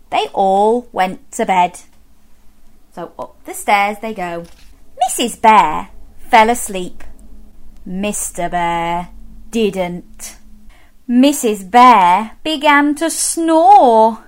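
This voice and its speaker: Lady reading a storybook to little kids, super lively swoopy voice, takes her time. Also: mid-range voice, drawn-out words, pauses often. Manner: animated, sing-song, coaxing kids to join in. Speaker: children's storyteller. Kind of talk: reading a picture book aloud to children.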